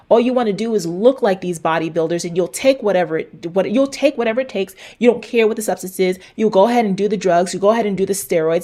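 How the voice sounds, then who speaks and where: Her voice is medium-pitched and a little mellow as this middle-aged fitness host rants straight to the camera. She's blunt and preachy, cursing to stress her points and hammering lines home by repeating them.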